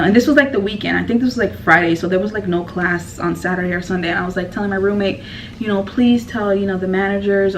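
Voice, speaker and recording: A woman's voice: mid-range voice, a bit bright, far from the mic, slight background noise, poor audio. A woman telling a personal story in a casual vlog, rambling and emotional with lots of fillers.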